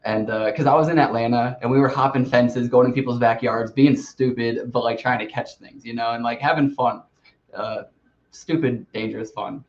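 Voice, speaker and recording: A man's voice: mid-range voice, steady tone, normal speed. A man hosting a podcast in casual chat, telling a long story with lots of "like" and restarts. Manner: rambling storyteller, heavy use of "like". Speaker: podcast host. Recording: slightly dull lo-fi recording.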